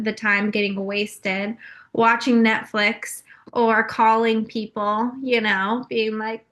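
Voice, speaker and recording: Bright-voiced young woman, candid storytelling. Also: a little high. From California. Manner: open and confessional, frequent fillers. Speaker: podcast guest.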